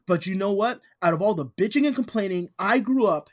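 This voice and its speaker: Blunt, foul-mouthed co-host: mid-pitched, with a voice that swoops up and down. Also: expressive, fairly quick. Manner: blunt, heavily profane. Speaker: podcast co-host. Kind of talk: casual chat.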